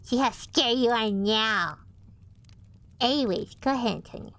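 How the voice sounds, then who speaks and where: A woman guest on a stream, chatting in a playful, teasing, animated way. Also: a little high, unhurried. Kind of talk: casual chat.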